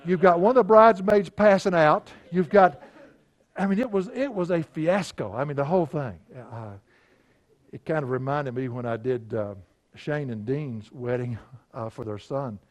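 A man's voice: fairly high pitch, moderate pace. A middle-aged man, a pastor, telling folksy anecdotes in a conversational sermon and chuckling now and then. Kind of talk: storytelling sermon.

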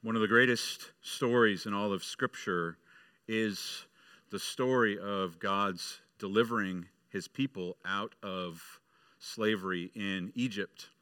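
A man's voice: on the low side, slow pace, pushed and bright, clean tone, dry recording, studio quality. A male pastor preaching a sermon, telling a story and acting out its voices.

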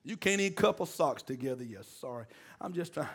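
A man's voice: fairly high pitch, animated, fairly quick, fairly bright tone, husky. A man preaching a sermon, exhorting the congregation in call-and-response and mixing in folksy jokes.

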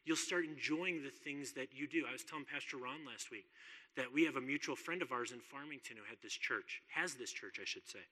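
A man gives an earnest, conversational sermon and repeats words to press his points. His bright, ringing voice sits at a middle pitch. A long reverb trails after him, as in a large hall. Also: fairly quick. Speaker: preacher.

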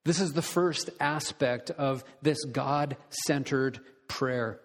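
Earnest preaching man, hall reverb. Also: mid-range voice. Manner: earnest, deliberate preaching with direct questions to listeners. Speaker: pastor. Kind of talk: sermon. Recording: long reverb of a large hall.

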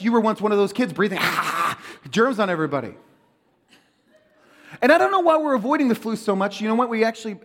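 A man preaching a sermon as pastor, joking and acting out quoted voices with lively animation. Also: high voice. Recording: reverberant hall.

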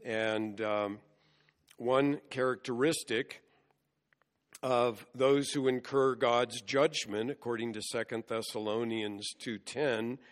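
Male pastor, mid-pitched, unhurried, teaching sermon with long church reverb. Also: steady tone. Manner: measured, explains scripture verse by verse. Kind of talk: expository sermon.

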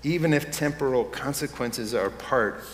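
A man's voice: mid-range voice, moderate pace, slight background noise. Male pastor preaching in an echoey hall. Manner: conversational preaching that rises to impassioned emphasis. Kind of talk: sermon. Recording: echoey hall with faint room ambience.

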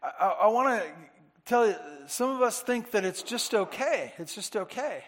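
A man's voice: very high-pitched, expressive, normal speed. A man preaching a Sunday-morning sermon to his church, earnestly repeating phrases for emphasis. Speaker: pastor. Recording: long reverb of a large hall.

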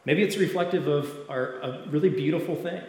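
A man preaching an earnest evening sermon in a church, often dropping to a hush at the ends of phrases. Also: a little high, a little fast. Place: church sanctuary. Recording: very echoey hall with long reverb.

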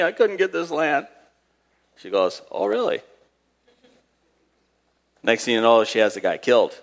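A man's voice: mid-range voice, a bit bright, long reverb tail. A man preaching a sermon, reading scripture aloud and retelling Bible stories in a conversational way with dramatic emphasis.

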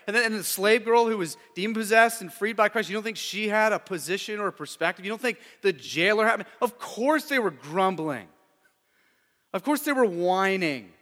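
A bright, forceful male pastor with a high voice delivers a casual, animated sermon, tossing rhetorical questions at his congregation. His voice rings with a long reverb from a large church hall. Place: church sanctuary.

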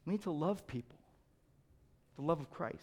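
High-voiced preaching man, dynamic delivery. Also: expressive, moderate pace. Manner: dynamic preaching, swings from loud emphasis to quiet. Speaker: pastor. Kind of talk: sermon.

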